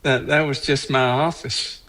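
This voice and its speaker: A man's voice: mid-range voice, fairly even intonation, a bit bright. An older man, a guest in casual chat, answering modestly in short, plain remarks. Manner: modest, brief, unhurried replies.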